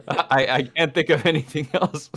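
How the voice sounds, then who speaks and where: A man's voice: fairly high pitch, fairly bright tone. A man chatting as a guest on a casual livestream, playful, laughing often and trading puns.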